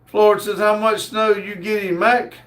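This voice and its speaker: A man hosting a casual livestream, reading viewer comments out loud in a slow, halting way with lots of fillers. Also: sits high, little pitch movement. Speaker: livestream host.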